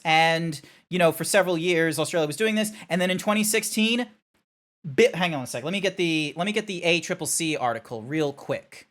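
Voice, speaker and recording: A man's voice: on the high side, fairly bright tone. Rambling, swearing male streamer chatting live. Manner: rambling and sidetracking, with profanity and filler sounds. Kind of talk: casual live-stream chat, answering viewers. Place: Australia.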